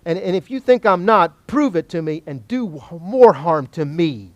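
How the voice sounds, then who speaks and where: A man's voice: sits high, expressive, normal speed, dry recording, muffled recording. A man voicing a suffering man who defiantly dares God to strike him, insistent and challenging.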